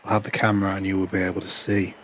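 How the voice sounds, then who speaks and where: A man's voice: low-pitched, little pitch movement, racing, fairly bright tone, slight background noise. A man, casually commentating a sim race and chatting with a rambling, dry sense of humour.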